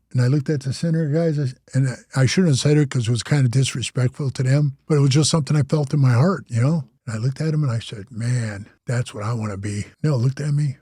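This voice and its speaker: A man's voice: mid-range voice, warm tone, husky, no room sound, studio quality. An older man from Wisconsin, a former biker club president, telling long rambling stories in a casual, slangy way. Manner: rambling, slangy, says "bro" and "man" a lot. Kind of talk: casual storytelling.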